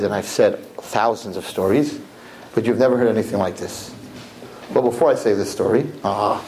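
Religious storyteller man, lively sermon, repeats himself, mid pitch. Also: a little hiss or hum. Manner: animated, repeats phrases.

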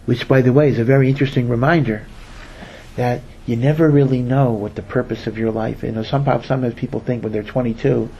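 A man's voice: mid-range voice, steady tone, quick pace, vocal fry, mellow, a little hiss or hum, low-quality recording. A man, a rabbi, giving a Torah sermon in a storytelling way, repeating words for emphasis and acting out the people he quotes. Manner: acts out quoted speakers.

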